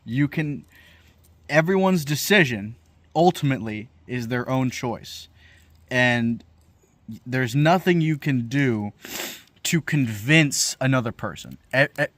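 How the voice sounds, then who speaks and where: A man's voice: mid-range voice, lively intonation, a little slow, a bit bright, dry recording. A young man talking to camera in a profane, incredulous comedic rant, swearing freely as he riffs. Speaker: vlogger.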